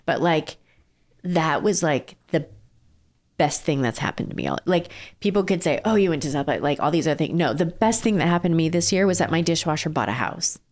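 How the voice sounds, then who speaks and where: A woman's voice: sits low, expressive, a little fast, darkish tone. A middle-aged woman, a company founder, talking earnestly in a casual interview with many fillers and restarts. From southern California. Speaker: ice cream company founder and CEO, guest.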